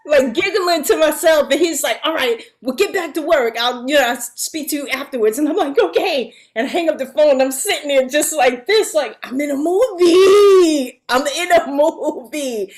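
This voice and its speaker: A middle-aged woman, a guest actress, telling a story in a casual, animated way, acting out the voices of other people and laughing often. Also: high-pitched, a little fast, hardly any pauses.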